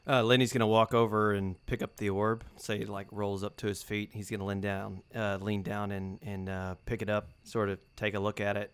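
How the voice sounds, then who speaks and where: A man speaking as a player in a tabletop game, unhurried and halting. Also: lowish voice, flat delivery, clean tone. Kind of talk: casual tabletop play.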